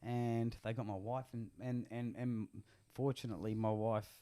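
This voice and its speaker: A man's voice: medium pitch, flat delivery, moderate pace, mellow, clean tone. A man, a podcast guest, telling a story in casual chat, blunt and swearing freely, with many restarts.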